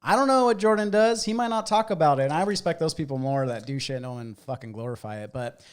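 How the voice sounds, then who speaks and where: Profane, animated podcast co-host man. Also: a little high, quick pace, clean tone. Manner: profane, animated storytelling with acted-out quotes. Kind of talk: casual chat.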